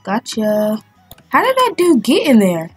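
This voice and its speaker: A woman giving casual, excitable commentary as she plays a video game, chatting and thinking aloud as she goes. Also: a little high, unhurried, soft background music. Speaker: gaming channel host.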